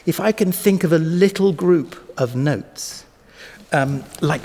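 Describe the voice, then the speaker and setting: A man's voice: a little high, takes it slowly, a little mellow. A man teaching music to camera, musing aloud with many ums and self-corrections and sounding out rhythms with syllables, playing a cello between phrases. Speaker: cellist and teacher. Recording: long hall reverb with cello.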